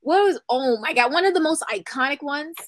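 A woman co-hosting a wrestling podcast, animated and exclamatory, filling her talk with "like". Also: high voice, fairly quick. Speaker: podcast co-host. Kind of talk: casual wrestling chat.

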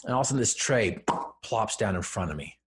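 A man's voice: lowish voice, animated, fast. A man, a podcast guest, telling a personal story in an earnest, emphatic way that builds to firm declarations. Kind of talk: personal story told in conversation.

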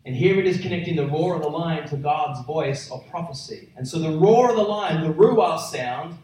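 A man's voice: on the high side, normal speed, distant mic. Man preaching in an echoey hall. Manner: emphatic, building to loud roaring peaks. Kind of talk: sermon. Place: large church hall.

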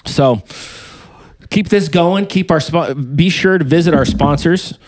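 A man hosting a podcast, chatting casually and joking as he reads through sponsor shout-outs. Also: on the high side, a little slow, no echo. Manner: rambling, joking, hypes sponsors. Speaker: podcast host.

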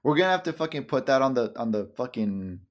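A man's voice: mid-range voice, sing-song, quick pace. A young man co-hosting a casual podcast chat, rambling and swearing often, with many stammered restarts. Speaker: podcast co-host.

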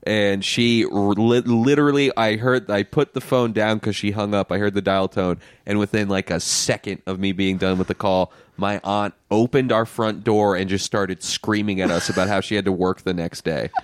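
Rambling low-voiced young man. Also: steady tone, normal speed, hardly any pauses, clean tone, no echo, studio quality. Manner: rambling storytelling with many "like" fillers. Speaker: podcast co-host. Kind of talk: casual chat.

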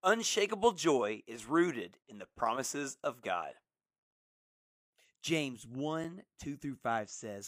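A man preaching a sermon, reading scripture in a measured, soft way. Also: a little high, sing-song, no room sound.

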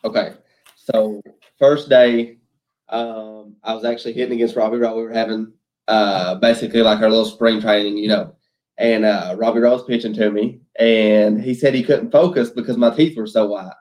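A man's voice: lowish voice, fairly even intonation, normal speed, a little mellow, rough recording. A young man, a pro ballplayer and student, answering interview questions in an easygoing way with many ums. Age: young adult. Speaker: guest, pro baseball player. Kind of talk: casual interview.

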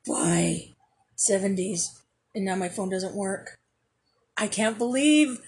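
A woman's voice: medium pitch, lively intonation, slow, a little mellow, a little hiss or hum. A woman co-hosting a podcast in casual chat, swearing freely and trailing off while she hunts for words. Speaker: podcast co-host.

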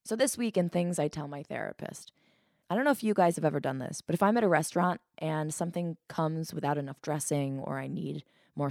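A woman hosting a solo podcast, talking in a chatty, self-deprecating way with a sick, hoarse voice. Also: sits low, a little mellow, dry recording, studio quality. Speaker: podcast host.

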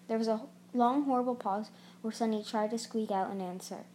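A woman's voice: fairly high pitch, fairly even intonation, a little fast, mellow, a little hiss or hum. A woman narrating a fantasy novel aloud as an audiobook reader, often stumbling and restarting words.

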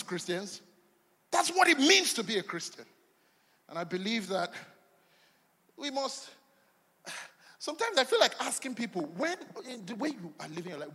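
High, husky man preaching. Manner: animated preaching, swinging from shouts to low asides. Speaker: pastor. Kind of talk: sermon. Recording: long hall reverb.

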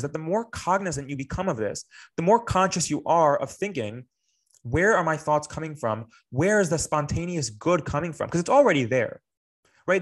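A young man giving a spoken Torah class in an earnest, reflective way, repeating phrases for emphasis. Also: fairly high pitch. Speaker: Torah teacher.

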